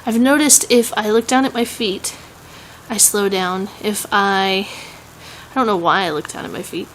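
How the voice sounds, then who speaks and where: A woman's voice: mid-range voice, normal speed, fairly bright tone, a little hiss or hum, poor audio. Chatty Southern young woman vlogger. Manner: chatty and rambling, many "um"s and laughs. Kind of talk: casual vlog chat.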